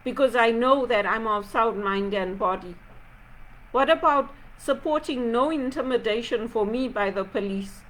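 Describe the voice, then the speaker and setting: A woman from Zimbabwe with a fairly high voice speaks in an impassioned, aggrieved reflection. She keeps pressing rhetorical questions one after another, her tone pointed and insistent. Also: fairly bright tone, poor audio. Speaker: video blogger.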